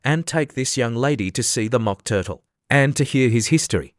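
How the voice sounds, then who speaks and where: Imperious Queen, loud and commanding, man reading, close and dry. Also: medium pitch, animated, normal speed, no echo, close to an everyday voice. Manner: commanding, shouting. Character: furious, domineering female Queen.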